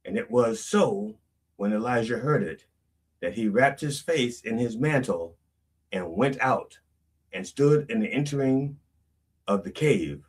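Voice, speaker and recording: A man's voice: mid-range voice, expressive, moderate pace, darkish tone, slightly rough, far from the mic. A man hosting a comedic sermon podcast, rambling and joking as he corrects himself along the way. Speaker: reverend host.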